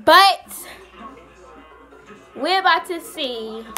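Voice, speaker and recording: Bubbly high-voiced young woman vlogger. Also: drawn-out words, faint music behind. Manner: excited, bubbly, chatty. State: out of breath. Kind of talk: casual vlog chat.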